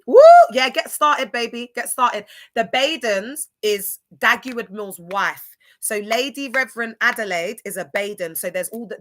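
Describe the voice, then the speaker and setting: With a bright, forceful, medium-pitched voice, a woman livestreams casually, drifting into gossip and rambling. Occasionally she spells out words one letter at a time.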